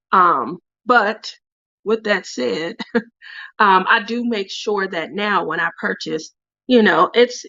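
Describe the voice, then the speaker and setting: A woman's voice: mid-range voice, gravelly, sharp tone, no room sound, dull audio. Chatty woman hosting a craft stream. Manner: chatty storyteller, laughs often. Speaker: host of a crafting livestream. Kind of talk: casual chat while crafting.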